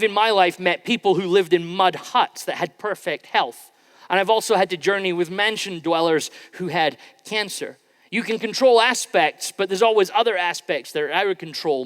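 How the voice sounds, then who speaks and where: Man, pastor, relaxed conversational sermon delivery, high voice, long church-hall reverb. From Scotland. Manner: conversational, informal preaching with frequent restarts. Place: church sanctuary.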